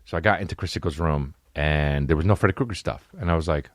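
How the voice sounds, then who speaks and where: A man's voice: extremely low pitch, quick pace, no room sound, clean studio sound. A man in his late thirties from New Jersey, telling comedic stories as a podcast host in a profane, rambling way. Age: 30s. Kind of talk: comedic storytelling.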